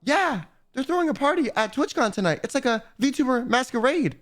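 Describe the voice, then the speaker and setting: Guy putting on a chatty girl voice, breezy, high-pitched. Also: expressive, a little fast, a bit bright, long reverb tail. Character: chatty young woman stranger on a plane.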